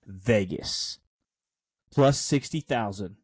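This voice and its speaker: A man's voice: mid-range voice, moderate pace, darkish tone, dry recording. Dry-sounding joking man on a podcast. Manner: joking, playful banter. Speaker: podcast co-host. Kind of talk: casual sports chat.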